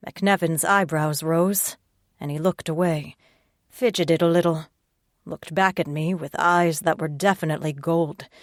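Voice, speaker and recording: A woman reads a first-person audiobook in a low voice with a terse, hard-boiled edge. The sound is dry and close, with no room around it. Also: no echo. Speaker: audiobook narrator.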